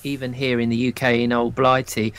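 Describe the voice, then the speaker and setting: A man from England, co-hosting a casual chat and talking hesitantly with frequent pauses. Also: mid-range voice, completely flat delivery, fairly bright tone, smooth. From southern England. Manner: hesitant, full of ums and restarts. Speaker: co-host.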